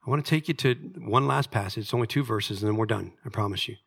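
A middle-aged male pastor delivering a sermon with a bright, clear voice. His preaching is earnest and conversational, and he reads scripture passages aloud. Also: on the low side, fast.

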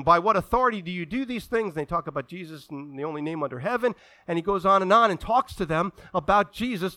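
A male pastor preaching a sermon, acting out the voices of people in the scripture stories and swinging from hushed, low asides to loud, fervent, drawn-out calls. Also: no echo.

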